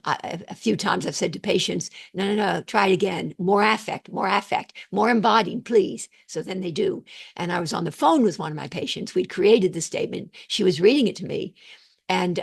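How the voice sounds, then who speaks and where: Gravelly, husky older woman lecturing. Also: medium pitch. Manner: animated, digressive, laughs at own jokes. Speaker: psychotherapist lecturer. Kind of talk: online lecture.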